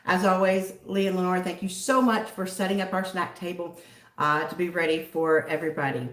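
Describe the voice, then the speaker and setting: A woman's voice: on the low side, steady tone, fairly quick. Southern woman, livestream host, chatty and giggly, roomy echoey sound. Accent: Southern American. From southern United States. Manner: chatty, giggly, greets viewers by name. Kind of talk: casual livestream chat.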